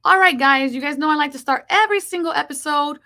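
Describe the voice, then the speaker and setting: A woman hosting a live horoscope stream, talking with a slight lisp from braces and greeting viewers by name. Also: sits high. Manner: slow hushed reading of card messages. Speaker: host.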